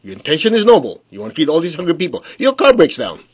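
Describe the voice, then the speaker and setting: A man's voice: fairly high pitch, fast, slightly rough. A man, a spiritual teacher, giving a conversational motivational talk on a phone livestream, with rhetorical questions and direct address to the audience. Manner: calm guided affirmations. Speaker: spiritual teacher leading a meditation.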